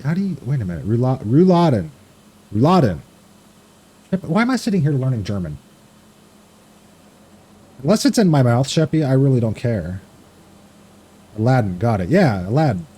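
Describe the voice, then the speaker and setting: A man's voice: mid-range voice, sing-song, brisk, pauses often, warm tone, husky. A man streaming a farming game, chatting casually, reading chat aloud, swearing freely and laughing easily.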